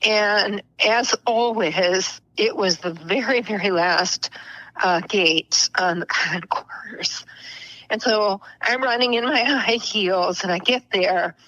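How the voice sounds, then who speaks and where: A middle-aged woman speaks with a bright, clear tone as a podcast guest. She unfolds an emotional personal story at an unhurried, deliberate pace. At tender moments her voice sinks to a whisper, and the sound stays close and dry. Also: mid-range voice, no room sound, muffled recording. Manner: slow and earnest, dropping to a whisper at tender moments.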